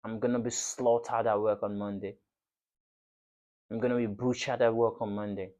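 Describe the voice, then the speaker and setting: A man's voice: on the low side, level tone, normal speed, dark tone. A man hosting his football fan channel, delivering a passionate, repetitive reaction rant to the camera in slangy everyday speech.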